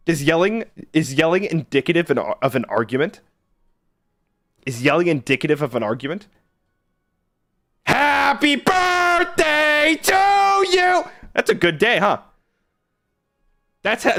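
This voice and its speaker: Sarcastic guy streaming, bouncy fairly high voice, dry mic, a bit of music under it. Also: moderate pace, pauses often, dry recording. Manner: sarcastic, argumentative, animated. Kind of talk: casual live-stream chat.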